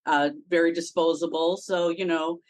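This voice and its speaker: A woman's voice: fairly low pitch, level tone, normal speed. A woman speaking as a podcast guest, friendly and self-deprecating, who laughs often. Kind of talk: casual interview chat.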